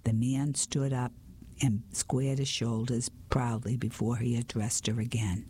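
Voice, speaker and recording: A man reading a mystery novel aloud in a hushed whisper, with small slips. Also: mid-range voice, level tone, measured pace, husky. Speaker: reader. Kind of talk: whispered storybook narration.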